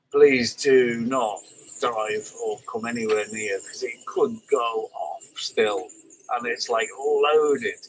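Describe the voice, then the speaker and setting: A man's voice: mid-range voice, a bit bright, a little hiss or hum, low-quality recording. An older man hosting a live stream, chatting casually and rambling through viewers' comments with plenty of fillers and restarts.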